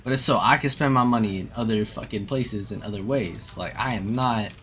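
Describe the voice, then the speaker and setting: A man riffing in relaxed, profane conversation, slipping into little impressions of other people. His voice is bright and forceful. Faint noise sits under the recording. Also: lowish voice, fairly quick. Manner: animated, profane, acts out people mid-story. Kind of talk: casual chat.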